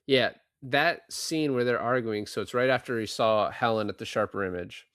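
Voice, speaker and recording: A man's voice: mid-range voice, normal speed, fairly bright tone, smooth, no room sound, studio quality. A man co-hosting a podcast, casually retelling film scenes and acting out the characters' lines. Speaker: podcast co-host.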